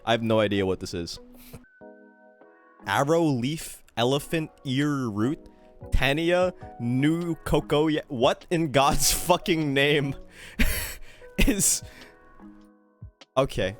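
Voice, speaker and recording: A man streaming a guessing game, chatting casually, swearing freely and poking fun at himself. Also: medium pitch. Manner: swears freely, animated and self-mocking. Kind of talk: casual live-stream commentary.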